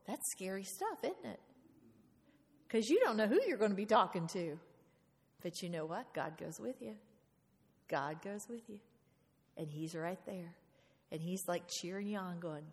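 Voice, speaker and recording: A woman preaching a lively sermon in a church, playful and animated, often asking the congregation questions. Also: medium pitch, measured pace. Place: church hall. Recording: reverberant hall.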